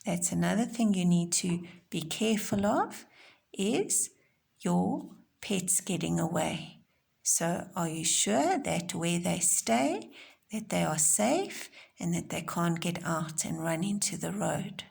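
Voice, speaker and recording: A woman teacher giving a recorded home-learning lesson to young children, explaining gently and simply. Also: lowish voice, lively intonation, takes it slowly, creaky, breathy edge. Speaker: primary school teacher.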